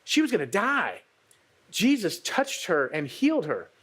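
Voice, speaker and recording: A chatty, excitable young woman pushing her friend to act, her voice jumping high and swinging all over, as a male preacher puts her on. She talks with breathless insistence. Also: a little slow, slightly rough, full character voice. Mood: excited.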